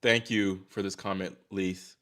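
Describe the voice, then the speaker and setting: A young man from Virginia hosting a casual live stream, chatting excitedly with viewers, sighing and exclaiming as he reacts. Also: low-pitched, a little slow. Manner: excitable, talks to chat, sighs and exclaims. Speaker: livestream host reacting to tennis.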